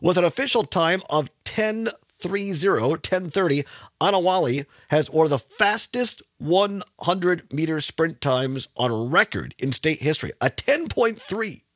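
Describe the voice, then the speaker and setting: Talk radio guy in his 50s, chatty, bouncy pitch, dry booth sound. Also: lively intonation, unhurried, a bit bright, dry recording. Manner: chatty, repeats phone number, reads news aloud. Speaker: radio talk show host.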